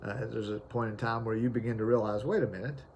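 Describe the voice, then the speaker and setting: A man's voice: on the low side, fairly even intonation, fast, a little mellow, a little hiss or hum. A man preaching an informal sermon, reading scripture aloud with frequent fillers and restarts.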